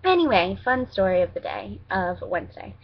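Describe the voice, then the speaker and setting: A woman's voice: mid-range voice, sing-song, normal speed, lo-fi sound. A young American woman telling stories in a casual vlog, chatty and rambling, correcting herself with lots of fillers. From United States. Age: young adult. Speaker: student vlogger abroad.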